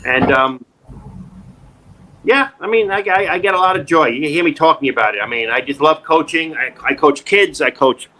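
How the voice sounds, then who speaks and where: A middle-aged man talks as an acting coach, his voice bright and forceful and a little higher than most men's. He hammers his points home, repeating phrases. The conversation is loose and casual, like an interview. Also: moderate pace. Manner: emphatic, repetitive, animated storytelling.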